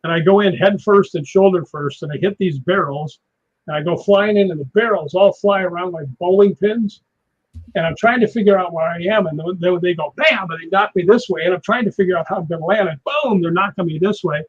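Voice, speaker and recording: Husky high-voiced man telling stunt stories. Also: a little fast. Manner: animated, acts out impacts with sound words. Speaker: stunt performer guest. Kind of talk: anecdotal storytelling on a live show. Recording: dull lo-fi sound.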